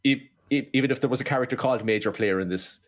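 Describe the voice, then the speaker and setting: A man's voice: mid-range voice, very fast. A man, co-hosting a podcast, ranting and swearing in casual film chat. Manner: profane, ranting. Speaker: podcast co-host.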